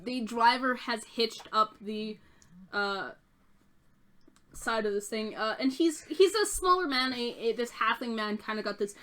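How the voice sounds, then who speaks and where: A woman's voice: mid-range voice, fairly bright tone. A woman narrating a tabletop game as game master, descriptive and full of "uh" fillers.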